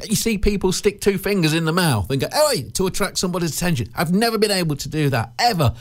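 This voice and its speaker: A man's voice: high-pitched, lively intonation, fast. A man in his twenties presenting local radio in a chatty, jokey, self-mocking way. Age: 20s.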